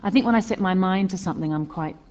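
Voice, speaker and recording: A woman's voice: fairly low pitch, quick pace, lo-fi sound, noisy background. A woman actress answering press questions in casual banter, wry and self-mocking, laughing often.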